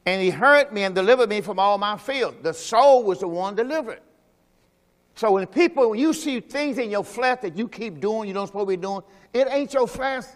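A man preaching a sermon as pastor. He talks emphatically, asks the congregation questions, and drops into low quiet asides. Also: lively intonation, normal speed. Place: church sanctuary. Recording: long hall reverb from a church service.

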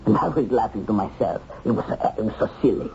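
A man's voice: on the low side, lively intonation, quick pace, creaky, darkish tone, a little hiss or hum. An actor playing a man who has tracked down a war criminal, taunting and given to chuckles, on a dull old TV soundtrack. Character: male hunter of a war criminal, mocking then torn.

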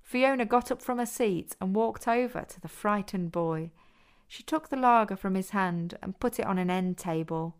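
A woman reads a story aloud in a steady, measured manner. Her voice sits at an ordinary pitch and comes through smooth and clear. It is plain scripted narration.

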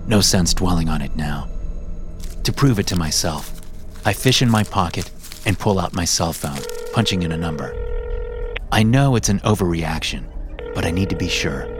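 A man narrating a suspenseful first-person story in a measured way. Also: sits low, expressive, music in the background.

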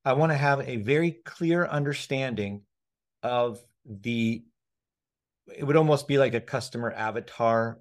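A man hosting a casual podcast conversation, excitable, swearing freely, often restarting his sentences and laughing. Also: medium pitch. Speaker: podcast host.

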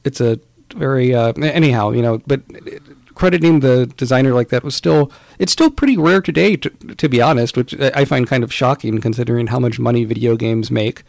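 A man with a gravelly, creaky voice talks through a relaxed podcast chat, wandering from point to point with plenty of "um"s and restarts. He sits at a middle pitch, and the sound is close and dry with no room around it. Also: a little fast, no echo. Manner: rambling, with many fillers and restarts. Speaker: podcast co-host. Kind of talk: casual chat about retro video games.

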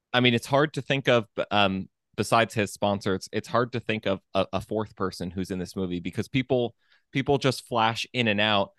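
A man with a low voice hosts a film discussion, speaking in a measured, thoughtful way. His voice is recorded dry and close. He weighs his points as he talks. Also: a bit bright, dry recording. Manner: thoughtful, measured, with fillers and restarts. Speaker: co-host of a film podcast. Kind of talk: casual conversation.

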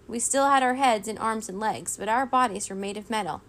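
A woman reading a children's storybook aloud in a steady, expressive way. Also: a little high, brisk, hardly any pauses, slight background noise. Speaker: reader.

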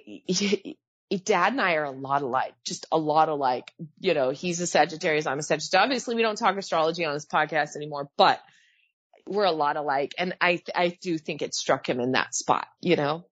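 A woman in her thirties talks fast and animatedly on a podcast, breaking into laughter and quoting people in put-on voices. Her voice sits a little low. The sound is dry and a bit dull, close-miked. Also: dry recording. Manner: animated, laughing, mimics others in quoted voices. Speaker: podcast co-host, pilot. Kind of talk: casual podcast chat.

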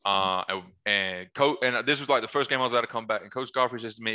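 A man with a bright, forceful voice tells relaxed stories on a podcast, mixing in slang and laughing easily. The audio is dull and lo-fi. He talks like he is among old friends. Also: lowish voice, quick pace. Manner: laid-back, laughs often, slangy asides. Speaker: podcast guest, former basketball player. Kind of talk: casual storytelling chat.

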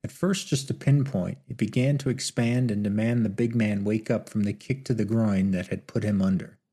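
A man narrating a western audiobook in a steady storytelling manner. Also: lowish voice, normal speed, breathy edge.

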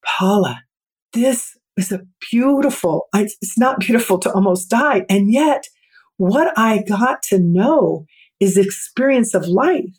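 A middle-aged woman, a podcast guest, telling a personal story in an earnest, reflective way and slowing down for emphasis. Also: mid-range voice, darkish tone, slightly rough. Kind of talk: storytelling in an interview.

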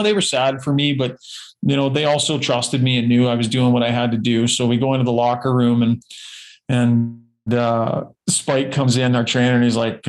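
A man with a mid-range voice tells a personal story in a relaxed, chatty way. He is a guest in a casual interview and often slips into the voices of the people he quotes. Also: mid-range voice, poor audio. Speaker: guest, former hockey player.

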